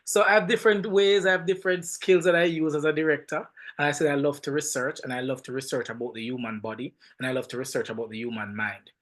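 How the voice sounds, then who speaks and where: A man with a Jamaican accent, a film director and podcast guest, telling stories in an animated, emphatic way and often repeating words. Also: on the high side, fast talker, few pauses. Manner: animated, emphatic storytelling with frequent word repeats. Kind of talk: casual podcast interview.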